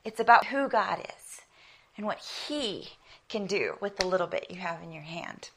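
Woman, sermon, conversational preaching, animated storytelling, light laughs, whispered emphasis, mid pitch. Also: normal speed, gravelly, slightly rough. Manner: laughs lightly while speaking. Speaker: women's Bible teacher.

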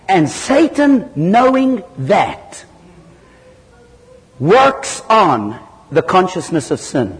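A man's voice sits a little high as he preaches, swinging into sudden loud, high bursts while he tells his stories. He is from southern Africa. A long reverb trails behind him, as if he were speaking in a large hall. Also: takes it slowly. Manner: animated storytelling with sudden loud jumps in pitch. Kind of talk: sermon.

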